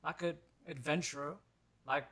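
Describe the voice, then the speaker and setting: A high, bright, courtly old miner with a gray beard, full of formal and old-fashioned manners, as a game master puts him on. He is polite and a little pompous, and he sounds old in the tooth. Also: fairly even intonation, normal speed. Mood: earnest.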